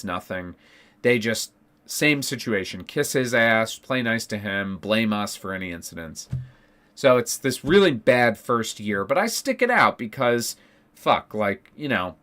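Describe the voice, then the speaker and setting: A young man who streams, telling a story to his viewers in a heated, profane rant that swings from loud outbursts to low mutters. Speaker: streamer and former teacher.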